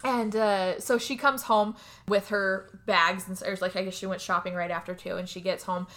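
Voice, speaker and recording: A woman co-hosting a podcast, retelling a movie's plot in a rambling, casual way, full of fillers and quick laughs. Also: mid-range voice, fairly even intonation, fairly bright tone. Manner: rambling, filler-heavy storytelling with frequent laughs. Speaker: podcast co-host recapping a movie. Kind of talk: casual chat.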